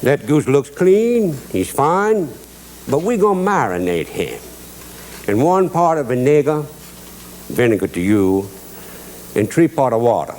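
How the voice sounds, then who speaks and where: A man's voice: medium pitch, big pitch swings, a little slow, long pauses, darkish tone, slight background noise. Folksy Cajun man telling tall tales. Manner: drawling dialect storyteller, repeats "I guarantee", chuckles at his own jokes. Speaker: cooking show host. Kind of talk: folksy cooking demonstration with storytelling.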